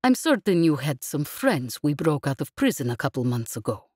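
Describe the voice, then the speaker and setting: A woman narrator voicing a cool, dangerous woman who speaks with measured, mocking calm in an audiobook. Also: deep voice, husky, no echo, studio quality, full character voice. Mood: calm menace. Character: cool, dangerous woman captive, calmly menacing. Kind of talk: audiobook character reading.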